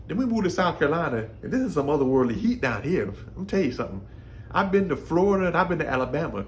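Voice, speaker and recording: A man's voice: fairly high pitch, slight background noise. A man from Brooklyn, New York, giving a casual, folksy faith talk, often repeating words as he thinks. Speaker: faith vlogger.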